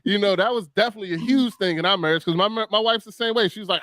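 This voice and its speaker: A man talks in a high, bright voice, recorded dry. He speaks candidly and playfully in a relaxed chat, laughing as he goes. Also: very fast, no room sound. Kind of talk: casual chat.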